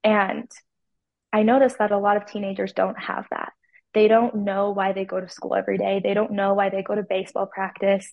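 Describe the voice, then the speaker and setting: A woman's voice: medium pitch, flat delivery, normal speed, creaky, no echo, lo-fi sound. A teenage girl from Utah, a pageant titleholder, telling her story with enthusiasm in a casual interview. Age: teens.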